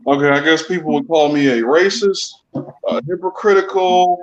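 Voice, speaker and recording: A man's voice: on the high side, moderate pace, muffled recording. A man playing along as a contestant in a casual online panel game, blunt and swearing, incredulous at what he hears.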